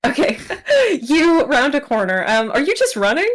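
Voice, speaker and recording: A woman narrating as game master of a tabletop role-playing game, often breaking into giggles and quick asides. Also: high voice, big pitch swings.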